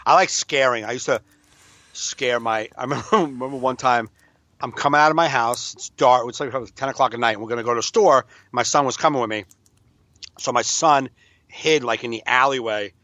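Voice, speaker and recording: Middle-aged guy telling a story, lively, laughs easy, bright tense voice, dry close mic. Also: mid-range voice, dry recording. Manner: animated storyteller, quick to laugh. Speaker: podcast co-host. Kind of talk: casual chat.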